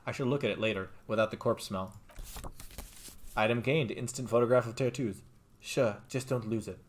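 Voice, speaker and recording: A man streaming a game, reading its dialogue and text aloud and commenting between lines, jumping up in pitch when something excites him. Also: normal speed, a little hiss or hum. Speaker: let's play streamer. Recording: faint game music behind.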